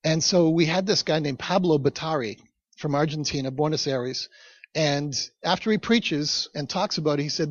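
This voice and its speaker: A man's voice: on the high side, normal speed, dry recording. A male pastor preaching a sermon in a conversational storytelling manner, with asides to the congregation. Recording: dull, dry recording.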